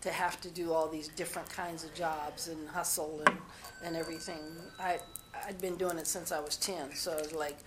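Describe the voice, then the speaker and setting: A woman's voice: deep voice, level tone, moderate pace, heavy background noise. A woman being interviewed, telling personal stories in a rambling, candid way and often restarting her sentences. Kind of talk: personal storytelling.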